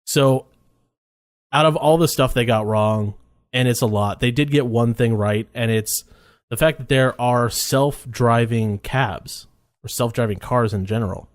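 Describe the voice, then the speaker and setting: A man's voice: medium pitch, a little slow, no echo, studio quality. A man co-hosting a casual movie podcast, laid-back, swearing freely and laughing often. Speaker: podcast co-host. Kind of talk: casual chat.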